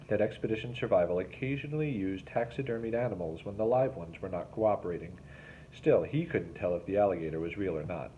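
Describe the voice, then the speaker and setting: A man, a teacher, reading a novel aloud in steady, plain storytelling with small restarts. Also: deep voice, brisk. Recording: slightly dull recording with faint hiss.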